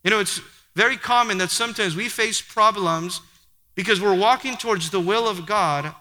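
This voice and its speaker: A man's voice: sits high, normal speed, bright, forceful tone. A man preaching a sermon with an emphatic, repetitive cadence. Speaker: pastor. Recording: long hall reverb.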